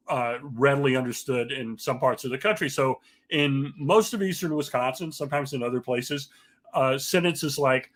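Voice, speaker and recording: A man, a linguist guest, explaining in a measured, professorial way with frequent pauses and fillers. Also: mid-range voice, a bit bright. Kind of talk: conversational explanation.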